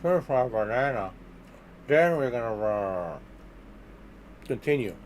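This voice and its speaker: A man chatting casually on a gaming livestream, rambling and laid-back, often trailing off quietly. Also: mid-range voice, lively intonation, a little slow, slight background noise. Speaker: livestreaming gamer.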